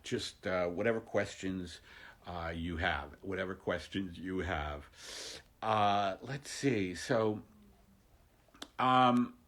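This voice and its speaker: Low, lively-voiced comedian, slow drawl. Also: male voice. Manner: self-mocking, rambling, jokey. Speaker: stand-up comedian hosting a livestream. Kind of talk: casual rambling livestream chat. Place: home, during lockdown.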